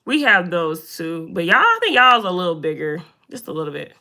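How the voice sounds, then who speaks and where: A young woman chatting casually on a live stream in a room indoors, talking to her viewers by name in an animated way. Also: fairly low pitch, a little fast, a little hiss or hum. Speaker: livestreamer.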